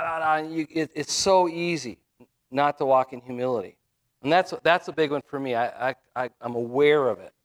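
A middle-aged man giving a conversational sermon as a minister, with frequent fillers and restarts. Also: a little high.

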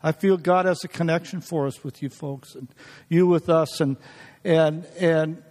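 A middle-aged man delivers a folksy sermon in a church, telling personal stories and chuckling between thoughts. His voice sits high for a man. The sound rings with a long reverb off the hall. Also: steady tone, a little slow, darkish tone. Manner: folksy, laughing often, many restarts. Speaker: guest preacher.

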